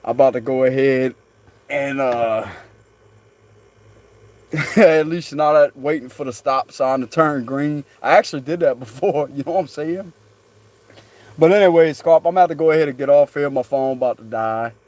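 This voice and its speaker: A man's voice: medium pitch, moderate pace, pauses often, a little mellow, no room sound. A man chatting casually to viewers on his phone, joking, laughing often and swearing freely. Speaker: spiritual tarot channel host. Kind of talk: casual rambling chat to viewers.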